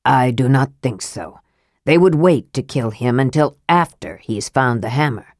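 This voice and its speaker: A woman's voice: rumbling low, lively intonation, unhurried, a little mellow, dry recording, studio quality, full character voice. A woman reading an audiobook aloud and voicing a frail young male mage who speaks in a cold, clipped, precise way. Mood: dry. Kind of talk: audiobook dialogue.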